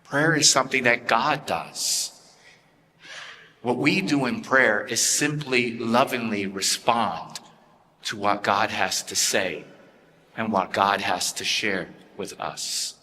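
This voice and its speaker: Slow, forceful preaching priest in church. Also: male voice, lowish voice. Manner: slow, deliberate preaching with repeated phrases. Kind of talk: sermon. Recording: long reverb of a large church.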